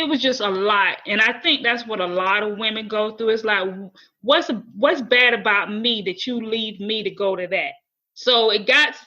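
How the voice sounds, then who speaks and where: A woman's voice: mid-range voice, sharp tone, highs cut off. A woman guest on a podcast telling a personal story candidly and earnestly, often repeating and restarting phrases.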